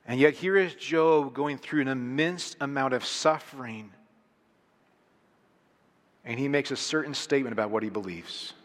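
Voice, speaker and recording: A man's voice: mid-range voice, normal speed, pauses often, in a large hall. A middle-aged male pastor preaching a sermon in an earnest, emphatic way, leaning hard on single words. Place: large church hall.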